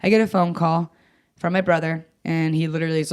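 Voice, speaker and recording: A woman's voice: sits low, flat delivery, fairly quick, smooth. A young adult woman comedian telling stories in casual chat, blunt and profane, self-mocking and often laughing. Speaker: comedian guest.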